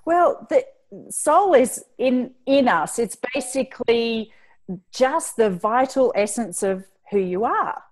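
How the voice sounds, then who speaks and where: A middle-aged woman with an Australian accent, a healer speaking as a guest in an interview, explaining her work in a calm, explanatory way. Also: fairly high pitch, slow. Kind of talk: interview conversation.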